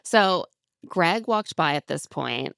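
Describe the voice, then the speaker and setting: A low-voiced woman with a gravelly, smooth edge to her speech, chatting on a podcast. She recaps a show in a lively, casual way, slipping into quoted voices. Her voice is close and dry, with no room sound. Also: takes it slowly, no room sound. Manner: chatty, animated retelling with quoted voices and laughs. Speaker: podcast co-host.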